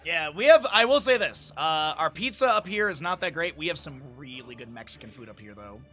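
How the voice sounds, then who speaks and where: Chatty male streamer, high bright voice, quick laughs, faint music behind. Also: lively intonation. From Lake Tahoe area, United States. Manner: chatty, laughs often, reads aloud from a menu. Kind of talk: casual chat with live chat.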